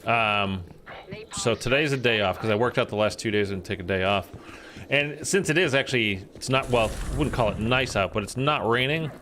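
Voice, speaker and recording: A man's voice: medium pitch, normal speed, a bit bright. A man streaming a game, chatting and rambling to his viewers. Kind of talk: casual gameplay chat. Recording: game noise behind the voice.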